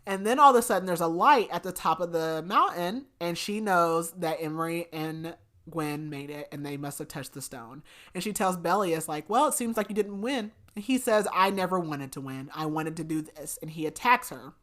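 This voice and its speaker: Deep-voiced yet fairly bright in tone, she speaks at a moderate pace. As a podcast co-host in a casual book recap, she chats away, retelling the story with many fillers.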